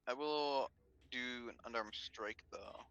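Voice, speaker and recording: A man's voice: mid-range voice, slow, fairly bright tone, clear, resonant tone. Male player on a muffled mic. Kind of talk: casual tabletop game talk.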